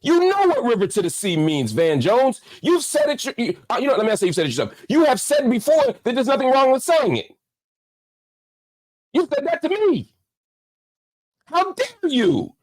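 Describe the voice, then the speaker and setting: A man's voice: extremely high pitch, very animated, a little fast, darkish tone, no echo, low-quality recording. A middle-aged man giving impassioned commentary as host, indignant and firing off rhetorical questions.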